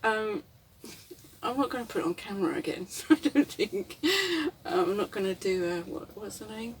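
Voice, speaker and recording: A woman's voice: medium pitch, lively intonation, moderate pace, distant mic, a little hiss or hum. A woman, rambling reflectively and candidly in a casual vlog, often chuckling. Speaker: vlogger. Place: inside a camper van.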